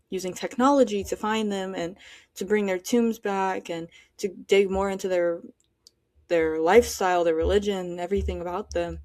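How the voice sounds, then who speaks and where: A woman's voice: lowish voice, a little mellow, no room sound. Chatty opinionated teenage girl, dry sound. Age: teens. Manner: chatty, opinionated, thinks aloud with fillers. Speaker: podcast host. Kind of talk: casual solo podcast commentary.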